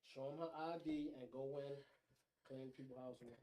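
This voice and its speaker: A man's voice: medium pitch, steady tone, normal speed, a crowd in the background, low-quality recording. A man co-hosting a casual podcast chat, making emphatic points and repeating them. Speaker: podcast co-host.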